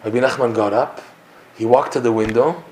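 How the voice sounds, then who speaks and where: A man teaching a Torah class, telling a story with lively acted-out dialogue. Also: mid-range voice, brisk, slight background noise. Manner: animated storyteller acting out the characters' lines. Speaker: religious teacher.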